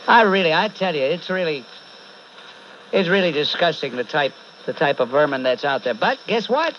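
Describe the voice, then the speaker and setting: A man with a somewhat high, expressive, slightly bright voice talks at a moderate pace. He hosts a combative call-in radio show with a New York accent, bluntly and sarcastically berating and cutting off callers. The audio is a dull AM broadcast with faint hiss.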